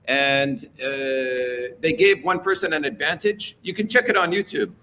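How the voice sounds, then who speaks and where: Rambling bright-voiced male livestreamer. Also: a little high, measured pace, a little hiss or hum. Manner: rambling and opinionated, with frequent fillers. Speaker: livestream host reading chat. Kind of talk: casual livestream chat.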